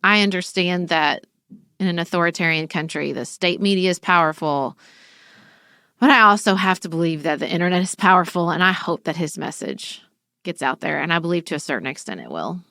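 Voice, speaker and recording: A woman's voice: lowish voice, lively intonation, brisk, sharp tone, dry recording, studio quality. A woman co-hosting a political podcast, speaking in a heartfelt, conversational way. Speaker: podcast co-host.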